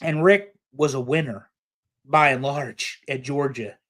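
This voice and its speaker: A man's voice: medium pitch, a little slow, fairly bright tone. A man co-hosting a casual sports talk stream, opinionated and joking, cursing casually. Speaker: podcast co-host.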